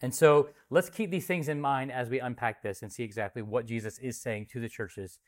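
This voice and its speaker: A man's voice: mid-range voice, steady tone, brisk. A man as pastor, reading scripture, praying, and then teaching a group in a conversational way, asking questions and repeating answers back to them. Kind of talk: Bible study teaching with prayer.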